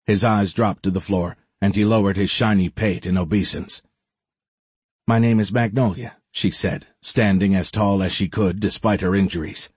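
A man narrating an audiobook in a steady, measured way. His voice is low and husky, with a breathy edge. The sound is dry and close. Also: no room sound. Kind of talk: scripted narration.

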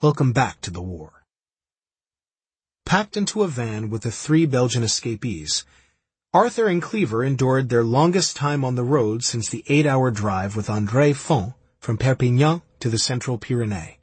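Husky man narrating a grave history. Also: mid-range voice, lively intonation, no echo. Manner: grave, measured storytelling. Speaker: audiobook narrator. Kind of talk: scripted narration.

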